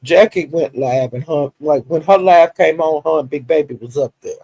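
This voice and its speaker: A man with a gravelly, slightly raised voice tells gossip on a livestream. He chats loosely, laughs often and acts out the quotes. His voice sits close and dry on the mic, with no room sound. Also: on the high side, normal speed, dry recording, rough recording. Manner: animated, laughing storyteller who acts out quotes. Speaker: livestream commentator. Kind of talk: casual gossip commentary.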